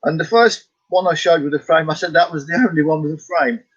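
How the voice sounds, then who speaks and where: Rambling Scottish man, husky and lo-fi. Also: a little high, fairly even intonation, fast talker. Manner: rambling, chuckling, talks to himself. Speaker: artist vlogger. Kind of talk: casual chat about his paintings.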